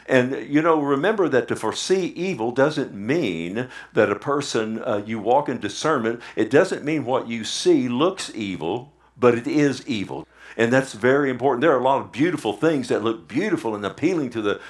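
A male pastor preaching a Sunday sermon in a church service, often asking his congregation "amen?". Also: mid-range voice. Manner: preaching with frequent "amen?" call-outs.

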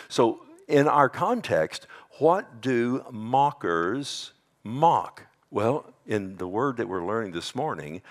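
Animated preaching man. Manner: animated preaching, mimics scoffers in a high mocking voice. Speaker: pastor. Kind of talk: sermon.

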